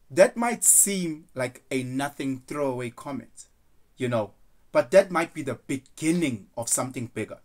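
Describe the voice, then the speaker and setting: A man's voice: mid-range voice, animated, moderate pace, darkish tone. Earnest man musing aloud. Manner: earnest, loose and rambling, acts out quoted voices. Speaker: vlogger. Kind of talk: casual reflective monologue.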